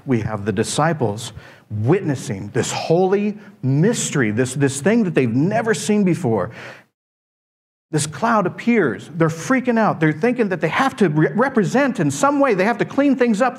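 A man preaching a sermon, telling stories with animated acted-out voices and hushed whispers. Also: high voice, breathy edge. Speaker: pastor.

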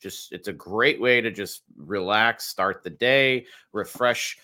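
A man co-hosting a casual podcast chat, talking haltingly with many restarts and some swearing. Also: lowish voice, sharp tone. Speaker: podcast co-host.

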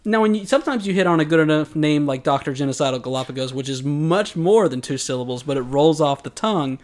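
A man co-hosting a casual podcast about an anime, talking in an animated, sarcastic way. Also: a little high, fast. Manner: animated, sarcastic, acts out quoted lines. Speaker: podcast co-host. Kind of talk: casual anime recap chat.

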